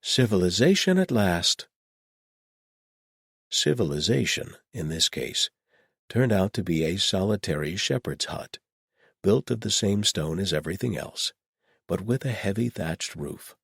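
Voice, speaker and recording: A man narrating an audiobook in even, measured storytelling. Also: deep voice, breathy edge, dry recording, studio quality.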